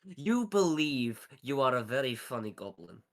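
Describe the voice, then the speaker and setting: A man's voice: mid-range voice, big pitch swings, normal speed, slight background noise, close to an everyday voice. A man playing a stiff, earnest male guardian of books in a tabletop game, speaking in a formal, literal-minded way. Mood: stern. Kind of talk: tabletop role-play.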